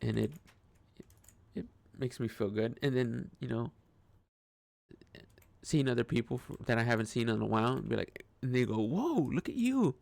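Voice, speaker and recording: A man's voice: mid-range voice, flat delivery, normal speed, vocal fry, pauses often, no room sound. A man talking through a casual personal monologue, hesitant and rambling, with frequent restarts and swearing. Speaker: vlogger.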